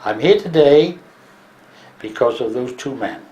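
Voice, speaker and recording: An older man from Wales, a war veteran, recalling his memories in an interview, halting with many fillers and restarts. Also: medium pitch, lively intonation, warm tone, highs cut off, slight background noise. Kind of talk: oral history interview.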